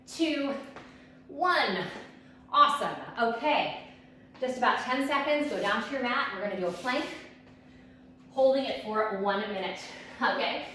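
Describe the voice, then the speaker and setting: A woman's voice: on the high side, a bit bright, a little hiss or hum. Breathless upbeat woman fitness instructor, echoey room. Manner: upbeat, counting reps while exercising. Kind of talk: workout instruction. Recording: echoey room, distant mic.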